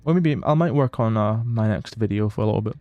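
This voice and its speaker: Streaming a game live, a man from Scotland chats casually with his audience, reading out their comments and frequently starting his sentences over. His voice is fairly low and quick, recorded dry with the highs cut off.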